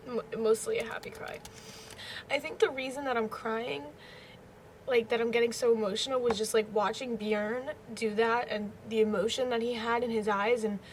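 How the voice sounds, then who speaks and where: A young woman hosting a reaction video, emotional and exclamatory, swearing freely as she comments on a TV episode. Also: a little high. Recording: loud background noise with TV audio.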